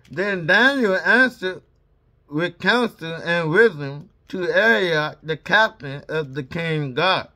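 A man's voice: a little high, pushed and bright. A man reading scripture aloud, speaking every punctuation mark and breaking off for casual asides between verses. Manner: reads punctuation marks aloud. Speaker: Bible reader.

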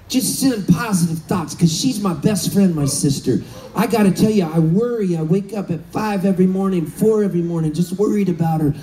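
High-voiced man telling stories onstage. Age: 50s. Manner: animated comic storyteller, shouting punchlines. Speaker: singer-songwriter on stage. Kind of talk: storytelling stage banter between songs. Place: outdoor concert stage. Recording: live concert audio from a distance.

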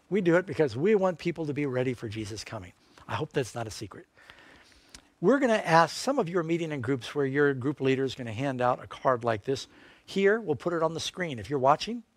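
Older guy preaching, a bit high-voiced, punchy, asks the crowd questions, dry sound. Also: no room sound. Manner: emphatic, asks rhetorical questions. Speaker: evangelist preacher. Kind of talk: sermon.

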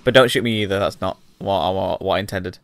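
A man's voice: low-pitched, quick pace, no echo. A young British man giving let's-play commentary, chatty and talking back to the game characters. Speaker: gamer.

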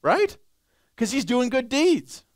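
A young male pastor preaching a sermon, reading scripture slowly and acting out pleading churchgoers in a higher voice. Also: lively intonation, fairly bright tone, no room sound. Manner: reads scripture slowly, then acts out pleading churchgoers in a high voice.

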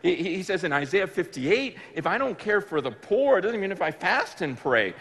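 Male preacher, high voice, animated storytelling, emphatic bursts. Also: moderate pace, big-room sound. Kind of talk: storytelling sermon. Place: large room with an audience.

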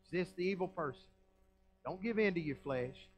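A man's voice: sits high, lively intonation, normal speed, low-quality recording. A man with a Southern American accent, a pastor preaching a folksy, emphatic sermon full of rhetorical questions. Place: church sanctuary.

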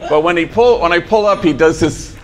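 A man's voice: fairly high pitch, a little fast, crowd noise. A man, a priest, giving an inspirational talk to program trainees, telling a story with folksy dry humor and bits of Spanish slang. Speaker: priest leading a program for former gang members. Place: the program's own building, addressing trainees.

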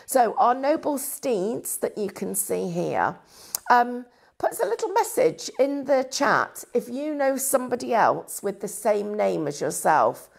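A woman's voice: fairly high pitch, big pitch swings, measured pace, creaky. A middle-aged woman presenting crafts live, chatting and rambling in a self-deprecating way. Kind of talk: live-stream product demo chat.

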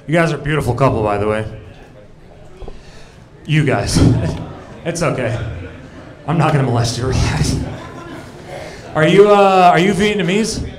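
High, lively-voiced young male comic. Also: a little slow, pauses often. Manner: crude, rambling, talks to the crowd. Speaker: stand-up comedian. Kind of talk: stand-up comedy set. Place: comedy club stage.

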